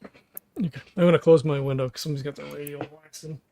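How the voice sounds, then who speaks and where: A man chatting casually as a tabletop game player, his voice sitting slightly high. He works ideas out aloud in halting, stop-start phrases. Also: steady tone, mellow, a little hiss or hum. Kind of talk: casual chat.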